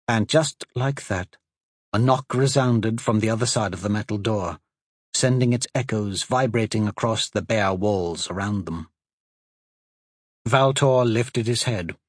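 Unhurried man narrating a fantasy audiobook. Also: on the low side, no room sound, clean studio sound. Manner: expressive, unhurried reading.

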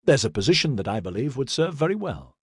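A man's voice: medium pitch, sing-song, quick pace, breathy edge, dry recording, studio quality, voice pushed up. A man voicing an aging male senior constable near retirement, proud and shrewd. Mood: earnest.

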